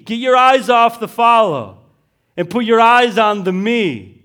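A male pastor with a notably high voice, delivering a sermon. He leans on repeated words and casual asides, and swings from forceful declarations to quiet, slowed-down lines. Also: expressive. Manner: emphatic preaching, repeating key words, swinging from loud to hushed; casual fillers like "listen" and "right?".

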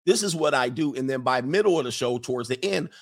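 Animated man hosting a casual stream. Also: mid-range voice, fast. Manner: animated, laughs often, repeats for emphasis. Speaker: streaming podcast host. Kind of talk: casual monologue reading viewer questions.

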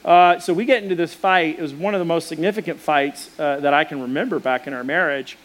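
A man preaching a sermon, telling a personal story in an animated, self-deprecating way. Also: a little high, fast. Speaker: pastor.

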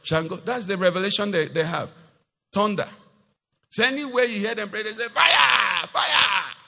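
A man's voice: high-pitched, steady tone, a little fast, a bit bright, long reverb tail. A male pastor preaching a sermon, quizzing the congregation with rhetorical questions.

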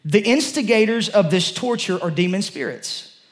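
Man preaching, high voice, conversational scripture teaching, emphatic peaks. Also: animated, normal speed. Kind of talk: sermon.

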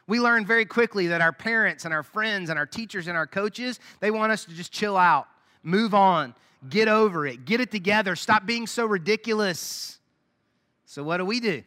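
Man, pastor, sermon, high voice, conversational with quiet asides, long hall reverb. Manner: conversational preaching with sudden drops to soft asides.

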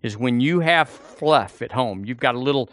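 A man's voice: medium pitch, animated, moderate pace, a bit bright, dry recording, studio quality. A man preaching a sermon as pastor, folksy and storytelling, acting out the voices of the people in his stories.

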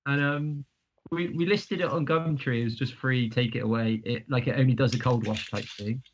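A man co-hosting a casual podcast, telling an anecdote in an animated way, laughing and swearing casually. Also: medium pitch, moderate pace. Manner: animated storyteller who laughs at his own story, swears casually. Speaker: podcast co-host. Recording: slightly dull audio with faint hiss.

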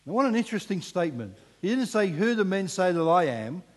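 A man preaching a sermon with animated delivery, sometimes falling to a hushed emphasis. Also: high-pitched, fairly quick. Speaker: pastor. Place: church hall. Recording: long reverb in a church hall.

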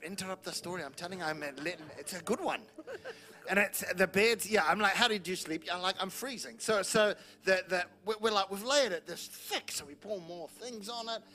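A man in his fifties with a New Zealand accent speaks in a high-pitched voice, a little fast. He is a pastor at a church service, jovially and animatedly telling funny, teasing anecdotes.

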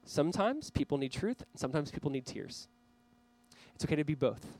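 Earnest pastor with a fairly high voice. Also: male voice, big pitch swings, fairly quick, a little mellow, low-quality recording. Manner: earnest, urging the listeners directly. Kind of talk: sermon. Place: church, speaking to a camera for online viewers.

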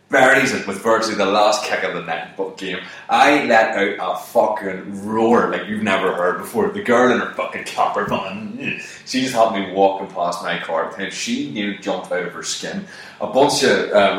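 Comedian, man, 30s, low-ish voice, crude and swearing, echoey room, mic a bit far off. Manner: swears constantly, animated, voice jumps up for quoted shouts. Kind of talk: profane comic storytelling.

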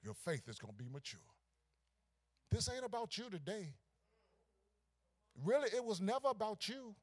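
A pastor preaching a sermon, swinging from hushed asides to shouted climaxes. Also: male voice, sits high, sing-song, moderate pace, breathy edge.

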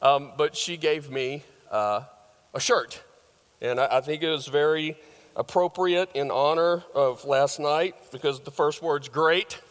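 An older man delivers a loose, joking sermon full of ums and restarts. His voice sits a little high for a man. The hall around him rings with a long reverb. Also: measured pace, a bit bright. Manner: joking, conversational, many fillers and restarts. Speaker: pastor.

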